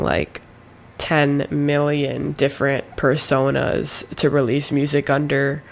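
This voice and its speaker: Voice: medium pitch, gravelly. A college radio DJ in a studio, giving a casual mic break in a meandering, hedging way and correcting themselves mid-sentence.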